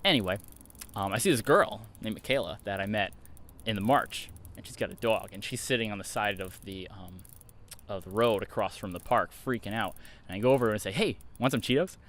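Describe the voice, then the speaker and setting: A man from Connecticut telling a personal story in a casual, animated way, acting out the quotes. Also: fairly low pitch, brisk.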